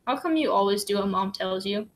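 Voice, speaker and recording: A woman voicing an earnest young boy who speaks quietly and hesitantly in a storybook reading. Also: mid-range voice, animated, brisk, lightly acted.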